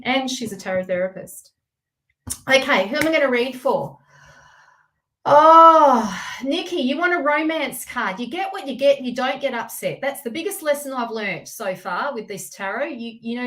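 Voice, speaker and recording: A woman with a slightly high voice hosts a casual live tarot reading. She talks in a chatty, excitable way, laughing often and speaking to her viewers by name. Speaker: tarot reader hosting a live stream.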